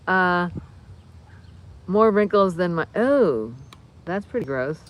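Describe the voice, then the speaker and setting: A woman in her fifties hosting a casual livestream, reading viewer comments in a rambling, excitable way with many fillers and restarts. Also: lowish voice, takes it slowly, long pauses. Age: 50s. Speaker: livestream host.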